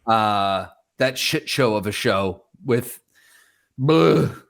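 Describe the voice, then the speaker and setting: A man co-hosting a podcast tells rambling stories in casual conversation, with many restarts and fillers. His lowish voice is gravelly and expressive, and he speaks extremely slowly.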